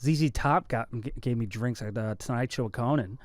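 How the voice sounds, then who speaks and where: A man's voice: medium pitch, a little fast, darkish tone. A man who is a comedian, a guest on a podcast, joking and laughing in casual chat. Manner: laughing, playful.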